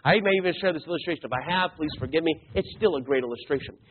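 A male preacher delivering a sermon and telling a story, emphatic, swinging between loud and hushed. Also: on the high side, rapid-fire, a little hiss or hum. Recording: tinny phone-like sound.

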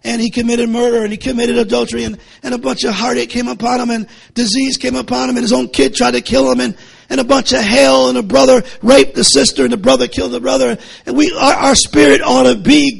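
A male preacher, delivering a fiery sermon that swings from low muttering to shouting, with many repeated words. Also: level tone, fast, creaky, slightly rough.

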